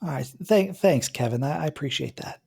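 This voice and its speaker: A man voicing an earnest middle-aged female police officer in a tabletop role-play, talking haltingly with many restarts. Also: a little high, lively intonation, vocal fry, a little mellow, breathy edge, full character voice. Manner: hesitant, halting, full of restarts.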